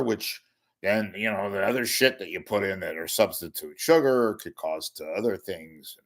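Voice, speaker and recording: A man's voice: fairly low pitch, moderate pace. An older man hosting a casual livestream monologue, rambling, losing his thread and cracking bawdy jokes. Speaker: host.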